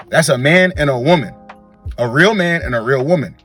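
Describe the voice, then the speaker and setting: A man's voice: on the high side, lively intonation, moderate pace, long pauses, a bit bright, faint music behind. Emphatic slangy man giving dating advice. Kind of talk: monologue.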